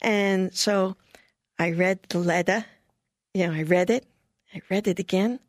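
An older woman being interviewed, telling a personal story in a lively way and often laughing. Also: mid-range voice, unhurried, no echo, clean studio sound.

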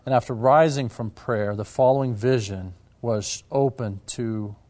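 A man giving a measured, reverent explanation of scripture and church history, with occasional fillers. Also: mid-range voice, a little mellow. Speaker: religious history presenter.

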